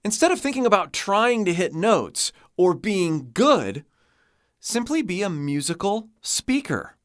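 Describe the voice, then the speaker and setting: A man's voice: high-pitched, a little slow, no room sound, studio quality. A man, a vocal coach, explaining singing techniques and demonstrating them with his own voice. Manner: expressive, demonstrates with voice.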